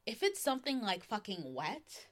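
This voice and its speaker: A young woman co-hosting a casual chat podcast, playful and expressive, swearing freely. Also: mid-range voice, normal speed. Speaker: podcast co-host.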